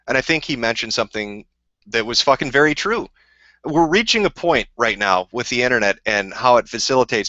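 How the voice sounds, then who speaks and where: A livestream host rants heatedly and combatively, swearing constantly as he answers chat questions. His medium-pitched voice sounds pushed and bright, on a lo-fi recording with no echo.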